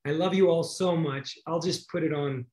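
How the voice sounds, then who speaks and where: A man's voice: on the high side, moderate pace. A man hosting a community video call, thanking guests and making announcements in a rambling, grateful way. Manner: warm, grateful, rambling with restarts. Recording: echoey room on a video call.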